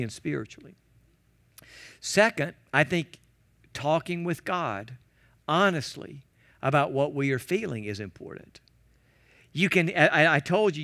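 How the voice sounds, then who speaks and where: A man preaching a sermon as a guest pastor, animated and acting out quoted prayers and shouts. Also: fairly high pitch. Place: church.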